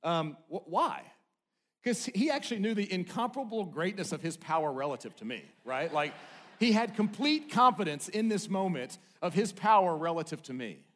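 A middle-aged man preaching a sermon with a somewhat high voice. He tells stories in a lively way, then drops to a hushed tone. His delivery moves between loud outbursts and quiet, intimate lines. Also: normal speed. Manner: storytelling with wide swings between loud and hushed. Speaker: pastor.

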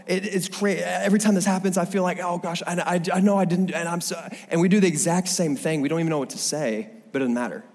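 A man preaching a sermon in a casual, animated storytelling way, often restarting his phrases. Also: on the high side. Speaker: pastor. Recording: long hall reverb.

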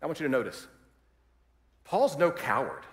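Animated male pastor in a reverberant hall. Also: on the high side, normal speed. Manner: animated, acts out quoted voices, varies volume widely. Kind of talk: sermon. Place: large church hall.

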